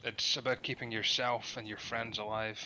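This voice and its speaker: A man's voice: fairly low pitch, little pitch movement, moderate pace, pushed and bright, slight background noise, poor audio. A man playing a tabletop game over voice chat, speaking earnestly and thoughtfully. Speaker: player. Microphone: computer mic on voice chat.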